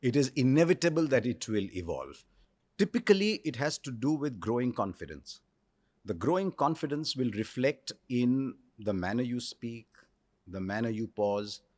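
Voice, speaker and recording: A man in his sixties with an Indian English accent, telling stories in a reflective interview with measured pauses. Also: medium pitch, very animated, darkish tone, no echo. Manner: articulate storyteller, measured pauses. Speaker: cricket commentator, interview guest.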